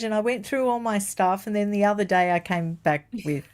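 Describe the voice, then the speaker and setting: A woman guest YouTuber chatting over a video call from home, excited and talkative. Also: medium pitch, fairly quick, few pauses, smooth. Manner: enthusiastic, animated. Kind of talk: casual chat.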